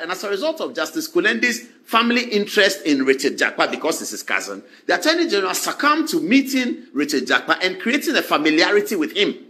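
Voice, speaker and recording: A man with a Ghanaian accent giving animated political commentary, acting out quoted exchanges as he goes. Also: on the high side.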